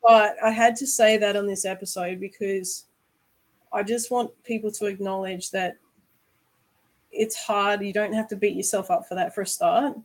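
A woman's voice: mid-range voice, fairly even intonation, normal speed, low-quality recording. A woman hosting a candid conversation, earnest and reflective, often asking "right?". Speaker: host.

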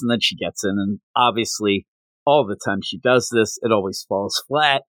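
A man co-hosting a podcast, chatting casually and animatedly about a manga chapter, often slipping into quick voices for the characters. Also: fairly low pitch, fairly bright tone, dry recording. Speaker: podcast co-host.

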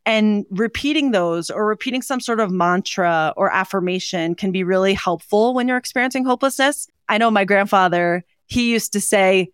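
A woman's voice: mid-range voice, normal speed, few pauses, clear, resonant tone, no room sound. Woman cohosting a wellness podcast, earnest and chatty, lots of ums, dry close sound. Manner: warm, earnest, with frequent fillers. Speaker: podcast co-host. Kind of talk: casual chat on hope and mental health.

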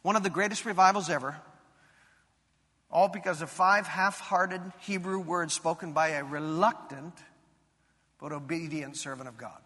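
In a church sanctuary with long, hall-like reverb, a male pastor preaches a sermon. His slightly high, somewhat bright, husky voice moves at a moderate pace as he shares a personal story earnestly and confessionally, building to fervent emphasis.

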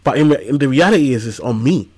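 A man in his thirties, a podcast guest who tells lively stories in casual slang. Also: mid-range voice, fast talker, breathy edge. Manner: animated storytelling with casual slang. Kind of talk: casual conversational interview.

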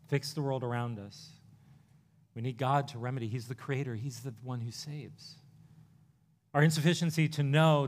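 A male pastor preaching a sermon in an earnest, conversational way, rushing through some phrases and slowing on others. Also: mid-range voice. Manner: earnest, conversational preaching with quick bursts and pauses.

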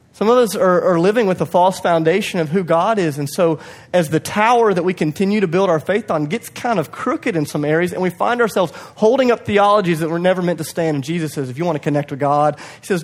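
A young man preaching a sermon to his church, passionate, swinging from loud urging to hushed quiet, with self-deprecating asides. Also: on the high side. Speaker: pastor. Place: church hall.

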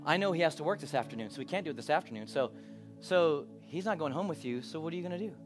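A pastor preaching a sermon, moving between hushed, intimate moments and loud, animated bursts. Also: male voice, on the high side, quick pace. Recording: preaching over live keyboard music.

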